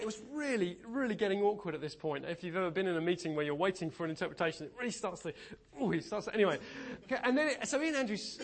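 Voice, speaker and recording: A man preaching a sermon in a church, telling stories in an animated, humorous way. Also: sits high. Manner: animated storytelling, lively and humorous.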